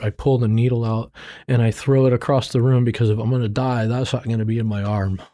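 A man's voice: medium pitch, flat delivery, a little fast, warm tone. A middle-aged man telling his life story in a candid, heartfelt interview, rambling and restarting as he speaks with plain faith. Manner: earnest, rambling with restarts and self-quotes. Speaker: interview guest sharing his testimony.

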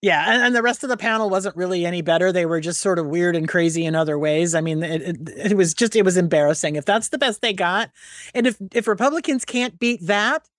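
A woman's voice: lowish voice, a little fast, dry recording, clean studio sound. Chatty, opinionated woman radio co-host. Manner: chatty and opinionated, with frequent restarts and laughs. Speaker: radio talk show co-host. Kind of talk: casual political talk radio chat.

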